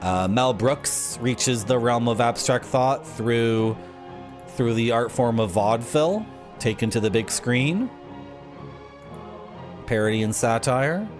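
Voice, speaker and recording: A male streamer commenting on a game live at home, his voice pitched at an ordinary middle range. He talks in a rambling, jokey way and wanders off on tangents. Game music plays clearly underneath. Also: takes it slowly.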